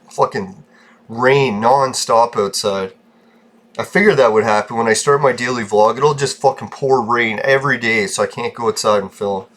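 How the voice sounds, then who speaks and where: This gaming vlogger's voice is mid-range and rather bright. He gets annoyed easily, ranting through his offhand gameplay commentary and cursing a lot.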